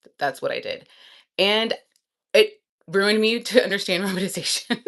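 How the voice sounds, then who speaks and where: A woman vlogger chatting casually and thinking aloud, excitable and quick to laugh. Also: medium pitch, vocal fry.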